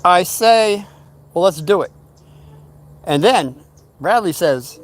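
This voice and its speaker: Pausing often, an older man with a high voice casually tells a rambling tale from when he was young. He takes his time and acts out the quotes with animation.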